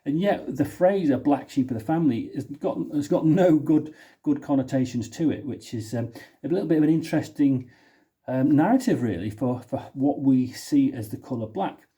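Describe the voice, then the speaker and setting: A man's voice: medium pitch, lively intonation, normal speed, mellow. A man from the United Kingdom talking casually to camera, thinking aloud with many restarts. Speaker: singer and video host. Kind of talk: casual spoken vlog talk. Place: indoor room.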